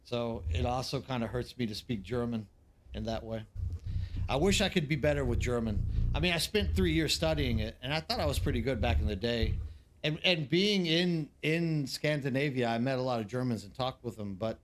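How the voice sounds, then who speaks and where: A man's voice: mid-range voice, moderate pace. A man in his forties, a game streamer, rambling in casual live-stream chat and talking straight to his viewers.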